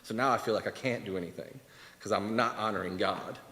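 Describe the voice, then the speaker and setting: A man leading a church Bible class in a candid, animated way, acting out quoted voices. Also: fairly low pitch, a little fast. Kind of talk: conversational church teaching. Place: church hall. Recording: echoey church hall, live stream.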